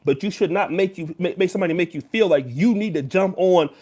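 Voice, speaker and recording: A man with a raised, high-pitched speaking voice delivers a YouTube commentary. He talks straight to his viewers in an emphatic, lecturing way, leaning on each point. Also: brisk, warm tone, breathy edge. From United States. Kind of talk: direct-to-camera commentary.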